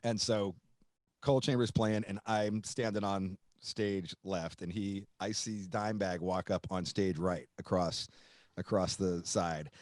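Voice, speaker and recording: A man who is a podcast host and guitarist tells a road story in a casual, loose, profane way, animatedly acting out the voices of the people involved. His voice is low and unhurried, recorded cleanly in a studio with no echo.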